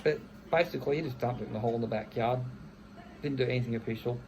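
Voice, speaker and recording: A man's voice: medium pitch, racing, darkish tone, slight background noise, rough recording. A man, venting bluntly in a casual monologue, swearing heavily and often restarting his phrases. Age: 30s. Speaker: vlogger.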